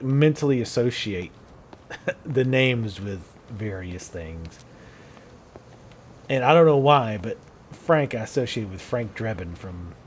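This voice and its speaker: A man's voice: mid-range voice, slight background noise. A man chatting casually as he plays a video game, musing aloud and laughing often. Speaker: gameplay video host. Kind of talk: casual gameplay commentary.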